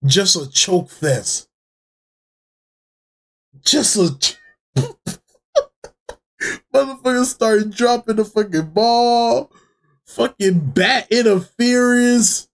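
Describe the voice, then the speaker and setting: A reaction channel host talks casually through a sports reaction video, excitable, laughing and swearing freely as he reacts. His voice is very high-pitched, and he speaks very slowly with long pauses.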